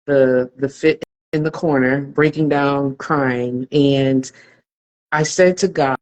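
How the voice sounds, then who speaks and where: A woman's voice: a bass voice, fairly even intonation, takes it slowly, darkish tone, rough recording. A woman who is a podcast guest, telling a personal story in an earnest, reflective and emotionally open way.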